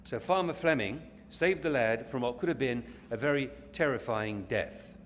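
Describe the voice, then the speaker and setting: A man's voice: mid-range voice, moderate pace. A man with an English accent tells a long story to an audience at a company event, rambling and restarting his sentences. His voice carries a long echo from a big hall. A faint noise sits under it. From England.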